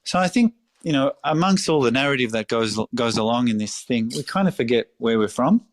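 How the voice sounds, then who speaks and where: In a clean, echo-free studio, a middle-aged Australian man who runs restaurants gives a podcast interview. His mid-range voice is expressive and a little fast, and he swears freely, repeating phrases with passion and emphasis.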